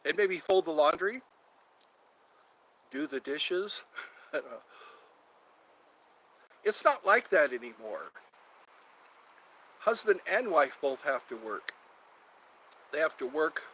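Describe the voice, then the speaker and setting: A man's voice: on the high side, big pitch swings, slow, long pauses, pushed and bright, slightly rough, rough recording. A man hosting a casual livestream outdoors, rambling and drifting into singing and silly voices. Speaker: livestream host. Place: outdoors then walking into house.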